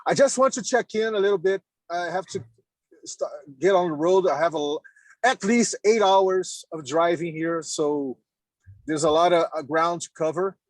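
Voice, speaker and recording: Halting man on a video call. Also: high-pitched, no echo. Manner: halting, repeats words, laughs often. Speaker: meeting participant. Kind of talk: casual video call chat. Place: in a car on the road.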